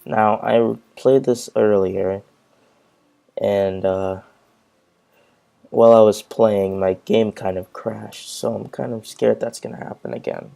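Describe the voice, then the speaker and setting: Man, let's-play commentator, gravelly low voice, reads game lines casually. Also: steady tone, slow, warm tone. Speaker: gameplay commentator.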